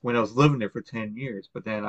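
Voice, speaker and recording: Speaking fast in a fairly low voice, a podcast host from Long Island, New York rambles through casual talk, cursing, using lots of fillers and starting over often. The audio is dull and lo-fi, dry with no echo.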